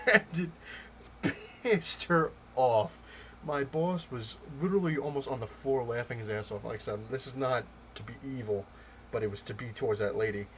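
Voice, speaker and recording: A man vlogging about comics, telling a story in a loose, rambling way with many pauses and restarts. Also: mid-range voice, a little hiss or hum. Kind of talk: casual storytelling rant.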